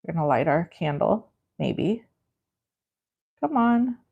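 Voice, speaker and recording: A woman in her forties leads a casual live crafting session with a somewhat low-pitched voice. She chats loosely and rambles, poking fun at herself. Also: sing-song, slow, vocal fry, warm tone, slightly rough, highs cut off. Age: 40s. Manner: chatty, rambling and self-deprecating. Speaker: craft livestream host.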